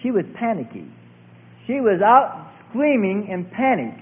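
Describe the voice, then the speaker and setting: A man preaching a sermon with emphatic delivery, swinging from loud calls to hushed passages. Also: high-pitched, big pitch swings, measured pace, breathy edge. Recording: tinny lo-fi phone-like recording.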